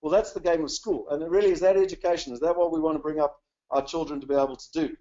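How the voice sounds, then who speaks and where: A muffled recording captures a South African webinar presenter talking casually and cheerfully, with plenty of "you know" fillers. His fairly high voice holds a steady tone, mellow and rapid-fire.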